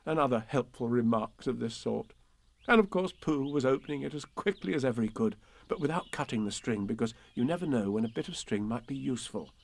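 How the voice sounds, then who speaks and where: A man reads a storybook aloud in a gentle, measured way, his pitch moving lively through each sentence. The voice is close and dry, with no room sound. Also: vocal fry, no room sound. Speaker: narrator.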